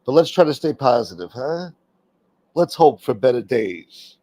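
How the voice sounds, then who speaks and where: A man hosts a loose livestream chat, wandering from topic to topic and cursing as he reads comments from his viewers. His voice sits at an ordinary middle pitch. It is recorded close and dry, with almost no room sound. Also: big pitch swings, unhurried, dark tone, no echo. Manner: rambling, profane, reads chat aloud. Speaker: livestream host.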